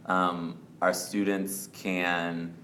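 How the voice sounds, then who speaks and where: Deep-voiced relaxed male co-host. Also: drawn-out words, slight background noise. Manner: relaxed, easygoing questions. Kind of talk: casual interview chat.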